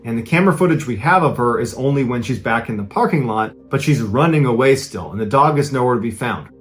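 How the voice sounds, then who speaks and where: A man's voice: medium pitch, lively intonation, fast talker, soft background music. A man hosting a podcast, telling a true-crime story in a casual, conversational way. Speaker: podcast host.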